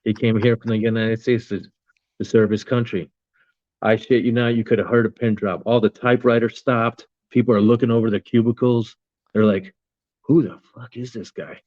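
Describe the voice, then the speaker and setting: A man's voice: fairly low pitch, little pitch movement, moderate pace, a little mellow, dry recording, dull audio. A man in his fifties, a veteran guest on a podcast, telling his story bluntly and with a lot of swearing and fillers. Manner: blunt, profane, with many fillers. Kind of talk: casual storytelling interview.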